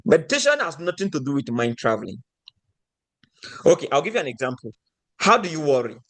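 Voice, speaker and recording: A man's voice: on the high side, very animated, fairly quick, fairly bright tone. A man from Nigeria giving a motivational teaching talk, often putting rhetorical questions to his audience.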